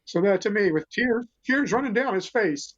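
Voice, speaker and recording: Older male guest, high-pitched, earnest and rambling; muffled lo-fi audio. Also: animated, normal speed. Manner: earnest, rambling, many restarts. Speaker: guest, animal rescuer. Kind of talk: storytelling interview talk. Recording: dull lo-fi sound.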